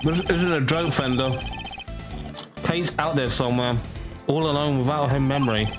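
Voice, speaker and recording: A man's voice: medium pitch, fairly even intonation, normal speed, music in the background, lightly acted. A man reads aloud the earnest, level lines of a serious, composed male prosecutor from a video game. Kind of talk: reading game dialogue aloud on a stream.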